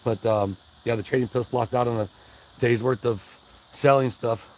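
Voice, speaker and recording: A man's voice: mid-range voice, fairly even intonation, moderate pace, a little hiss or hum, poor audio. A man hosting a casual livestream, rambling in a folksy way and greeting his chat by name. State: out of breath. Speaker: livestream host. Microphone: wireless mic worn on body.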